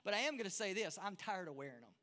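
A man's voice: high-pitched, big pitch swings, fast, sharp tone. A man with a Texan accent, preaching a conversational, self-deprecating sermon to a church congregation, often restarting words. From Texas. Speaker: pastor. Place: large church hall. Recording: long hall reverb.

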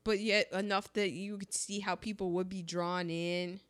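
A woman co-hosting a casual chat about films, talking emphatically and jumping up in pitch when excited. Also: moderate pace.

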